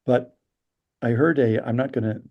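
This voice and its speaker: A man telling stories as a podcast interview guest, animated and acting out the people he quotes. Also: mid-range voice, moderate pace, highs cut off. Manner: animated storyteller, acts out quotes. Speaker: storyteller guest. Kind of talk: casual interview chat.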